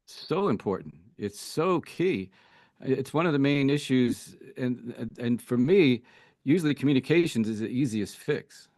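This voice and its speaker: A man's voice: medium pitch, animated, measured pace, a little mellow, no echo. Reflective male coach, dry close sound. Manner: thoughtful, frequent "you know" and restarts. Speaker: relationship coach, guest. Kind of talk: casual interview talk.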